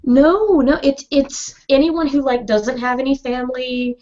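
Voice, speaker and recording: A woman trading blunt, bawdy jokes in casual chat. Her voice sits a little high. The audio is dull and lo-fi. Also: a little slow, darkish tone.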